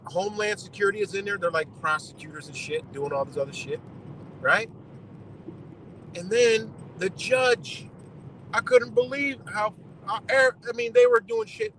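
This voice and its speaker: A man hosting a livestream, talking in an animated, profane rant and repeating himself in disbelief. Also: high voice, a little hiss or hum, low-quality recording. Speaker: livestream host.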